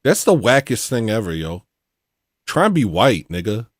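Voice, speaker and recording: A man ranting casually as a comedic livestream host, mumbling asides between louder bursts. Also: lowish voice, big pitch swings, moderate pace, no echo, studio quality. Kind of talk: rambling comedic livestream rant.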